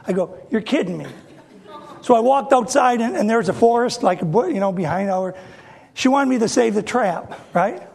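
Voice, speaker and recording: A middle-aged man preaching a sermon, telling funny stories in an animated way and asking his audience questions. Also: very high-pitched, moderate pace, gravelly. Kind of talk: sermon storytelling.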